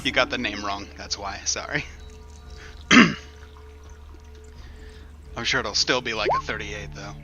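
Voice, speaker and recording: A man narrating a tabletop game as game master, lively, with quick asides. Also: lowish voice, music in the background.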